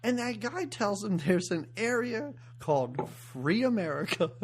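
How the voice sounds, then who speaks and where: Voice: mid-range voice, lively intonation, a little slow, slight background noise. A podcast co-host recapping a movie in casual, playful talk that breaks into laughter often.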